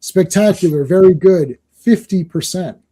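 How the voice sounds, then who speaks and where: A man's voice: high-pitched, a little slow, mellow, husky. A middle-aged man from Canada hosting a live stream, chatting casually and rambling with many restarts. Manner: rambling, self-interrupting, chuckling. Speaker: stream host.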